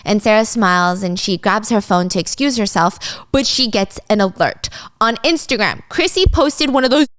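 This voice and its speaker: A woman's voice: mid-range voice, normal speed, a bit bright, no room sound. A woman telling a dramatic story in a casual way, with swearing.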